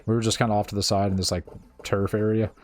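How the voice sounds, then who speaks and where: A man's voice: fairly low pitch, flat delivery, fast talker, darkish tone. A man streaming a game, telling stories in a loose, profane, laid-back way and laughing often. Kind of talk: casual storytelling while gaming.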